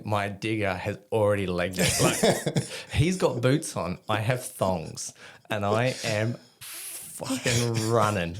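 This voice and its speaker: An Australian army veteran in his forties, telling a story as a podcast guest, animated and laughing as he acts out voices. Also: fairly low pitch, slight background noise. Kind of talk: casual storytelling.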